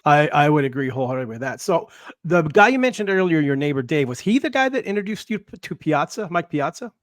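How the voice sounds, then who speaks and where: Male host, slightly high voice, keen and chatty interviewer. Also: very animated, quick pace, no echo, clean studio sound. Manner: enthusiastic, agreeable, loose phrasing. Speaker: interviewer, record label head. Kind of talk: casual podcast interview.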